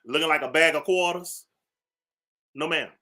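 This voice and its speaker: This is a talk radio rant from a morning show host, a man whose voice runs on the high side with a sharp edge, delivered at normal speed. Sassy and preachy, he keeps calling listeners "baby" and hammers home points by repeating phrases.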